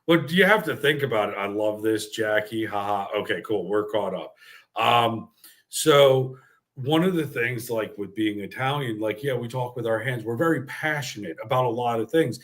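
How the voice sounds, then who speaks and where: A man in his forties hosting a casual livestream chat, telling stories in a profane, animated way. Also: medium pitch, moderate pace. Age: 40s. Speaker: podcast host.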